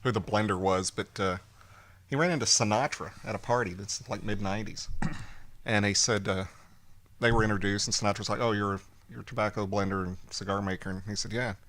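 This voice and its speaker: A man with a lowish, bright voice co-hosts a relaxed podcast. He tells long stories, slipping into quoted lines and laughing along the way. Easygoing, chatty delivery. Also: a little fast. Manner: storytelling with acted quotes and laughter. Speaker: podcast co-host. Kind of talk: casual chat.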